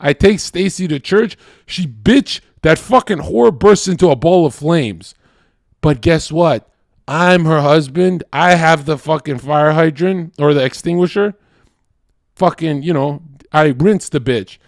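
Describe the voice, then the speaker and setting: Gravelly, profane ranting man. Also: fairly high pitch, measured pace, no echo, studio quality. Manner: profane, loud, acts out voices mid-story. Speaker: streamer. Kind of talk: heated rant in a debate stream.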